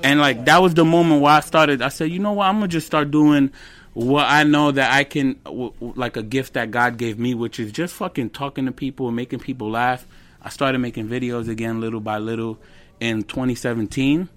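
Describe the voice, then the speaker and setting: A male comedian in his twenties, fairly quick and mid-range in pitch, shares animated stories as a guest on a casual podcast, throwing in slang, swearing and occasional Spanish.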